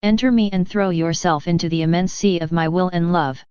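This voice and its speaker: A woman reading the lines of a gentle, sorrowful divine male speaker in a solemn, tender, unhurried way, with a smooth, clear voice. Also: fairly low pitch, steady tone, no room sound, close to an everyday voice. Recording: dull lo-fi dry reading.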